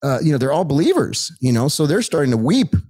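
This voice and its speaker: A middle-aged man telling his life story as a guest in an animated, excited way, acting out the people he met. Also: a little high, fast talker, breathy edge.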